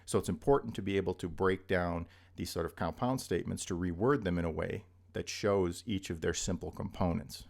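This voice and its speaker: A man with a low, gravelly voice teaches an introductory logic lesson. He explains step by step, repeating examples and often pausing to ask "right?" His delivery is that of a recorded lecture. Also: darkish tone. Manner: explanatory, repeats points with frequent "right?" checks. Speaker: logic instructor.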